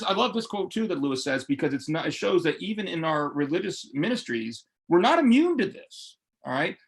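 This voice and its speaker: A man's voice: on the high side, creaky, husky. A man leading a live online Bible study, talking in an earnest, emotional way with frequent restarts and self-corrections. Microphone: webcam or computer mic for live stream.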